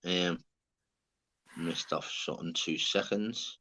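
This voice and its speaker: Male streamer, brash and sweary, bright forceful tone. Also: sits low, fairly even intonation, slow pace. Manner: brash, swearing, says "lad" constantly. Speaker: livestream host. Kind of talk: casual chat.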